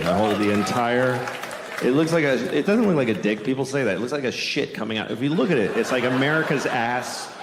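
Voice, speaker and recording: A middle-aged man doing a stand-up comedy set with a blunt, crude, self-deprecating delivery. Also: fairly low pitch. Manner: animated, acts out scenes with put-on voices. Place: large theater stage with live audience. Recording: echoey hall, audience noise.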